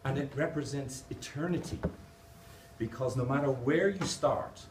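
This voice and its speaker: A man's voice: medium pitch, normal speed, darkish tone. A man with an Irish accent giving a playful, humorous conference talk, explaining his drawings as he goes. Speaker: conference speaker. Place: large conference hall. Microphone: distant camera. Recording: echoey hall from far off, noisy.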